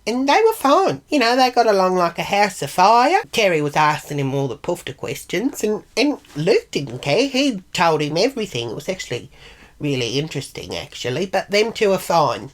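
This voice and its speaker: A middle-aged Australian woman vlogging in a chatty, blunt, sweary manner, acting out the arguments she retells. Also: on the low side. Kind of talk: casual monologue vlog.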